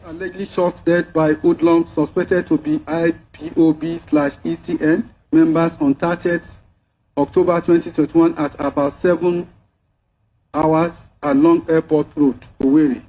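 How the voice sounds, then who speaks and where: A man, a judge reading a formal court judgment in a measured way. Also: fairly high pitch, level tone. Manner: measured, formal, legal wording. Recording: dull lo-fi recording.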